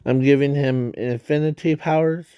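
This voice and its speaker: A man's voice: medium pitch, fairly even intonation, mellow, clear, resonant tone, dry recording, studio quality. A man explaining his fan idea in a casual, rambling way, full of fillers and restarts, breathing hard. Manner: halting, many fillers and restarts. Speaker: fan video creator.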